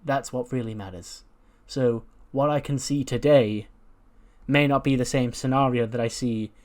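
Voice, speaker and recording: A man voices a laid-back female wrestler who wanders off into musings mid-sentence. The delivery stays close to his own middle-pitched voice, loose and meandering. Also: moderate pace, darkish tone, close to an everyday voice. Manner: rambling, musing. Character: calm philosophical female wrestler.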